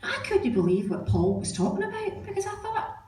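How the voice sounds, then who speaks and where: This time her voice climbs extremely high, swinging wildly in pitch, fairly quick yet a little mellow. The Scottish comic keeps up her chatty, self-mocking storytelling on a comedy club stage, recorded from a distance amid roomy sound and the audience's laughter.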